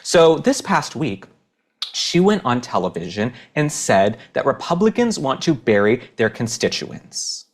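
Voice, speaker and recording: A man's voice: mid-range voice, big pitch swings, unhurried. Indignant male podcast host from Texas. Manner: indignant, emphatic, with sarcastic asides. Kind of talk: opinionated political commentary.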